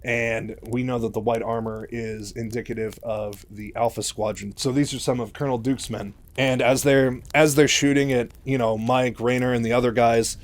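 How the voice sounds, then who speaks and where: A man retelling a novel's story in a relaxed, chatty way. His delivery is loose and full of fillers and restarts, and his voice sits at an ordinary middle pitch. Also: normal speed, hardly any pauses.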